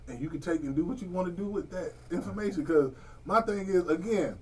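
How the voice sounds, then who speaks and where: High-voiced man telling a profane story. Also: a little fast, a little mellow, slightly rough, far from the mic. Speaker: podcast host. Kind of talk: casual podcast chat.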